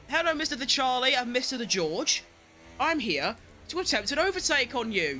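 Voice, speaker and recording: A man giving excitable, self-mocking live commentary while playing a racing game, talking to himself as he drives. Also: very high-pitched, moderate pace, soft background music. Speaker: gaming streamer.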